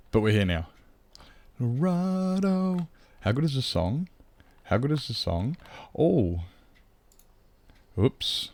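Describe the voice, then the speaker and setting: A man's voice: low-pitched, darkish tone. A man streaming a game, chatting casually and rambling, swearing freely, into a desk microphone. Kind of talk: casual live-stream chat.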